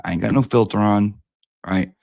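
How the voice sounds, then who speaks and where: A man's voice: fairly low pitch, normal speed, vocal fry, a little mellow, no echo. A man giving a brash, profane, theatrical comic review of beauty products.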